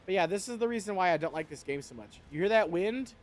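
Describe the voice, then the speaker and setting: A man with a high, expressive voice talks fast while streaming a video game. He chats casually and wryly with his viewers, swearing freely as he plays and commenting on the gameplay.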